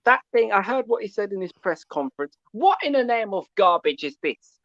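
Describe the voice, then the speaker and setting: A male caller ranting about football, loud and animated, who keeps asking "yeah?" between points. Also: high voice, brisk, no room sound, lo-fi sound. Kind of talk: call-in football rant.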